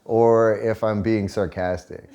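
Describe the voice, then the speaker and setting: A man's voice: on the low side, fairly even intonation, slow pace, dark tone. A man chatting casually on a couple's vlog, joking and sarcastic, swearing freely. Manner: joking, profane, sarcastic asides. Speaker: vlog co-host.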